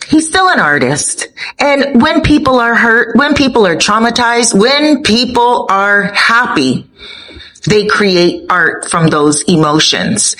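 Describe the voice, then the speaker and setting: A woman's voice: fairly low pitch, fairly bright tone, rough recording. A Canadian woman with a Canadian accent, giving an earnest, opinionated commentary monologue straight to her viewers. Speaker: commentary vlogger.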